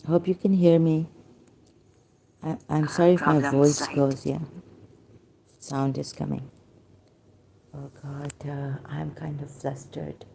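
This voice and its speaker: A woman, hoarse from losing her voice, talking haltingly with many pauses and fillers in a personal video monologue. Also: low voice, warm tone, a little hiss or hum.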